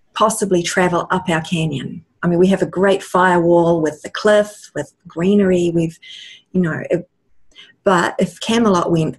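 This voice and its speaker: Woman, interview guest, husky voice, lively casual storytelling, video call. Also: on the low side. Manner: lively storyteller, laughs often.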